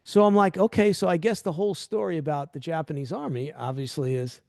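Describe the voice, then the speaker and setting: A middle-aged man hosting a podcast, chatting casually and telling animated stories that act out quoted dialogue. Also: a little high, a little fast, gravelly, dry recording, studio quality. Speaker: podcast host. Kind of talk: casual interview chat.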